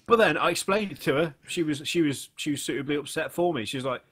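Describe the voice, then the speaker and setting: A man's voice: a little high, a little fast, husky. Rambling man telling stories. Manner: rambling, excitable storytelling, swearing. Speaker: podcast co-host. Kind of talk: casual gaming chat.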